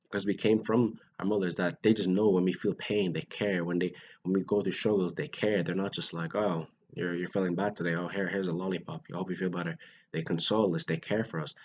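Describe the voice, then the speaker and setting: A man's voice: sits low, muffled recording, slight background noise. A young man giving an earnest, rambling faith talk to his camera, restarting his sentences often. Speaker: vlogger.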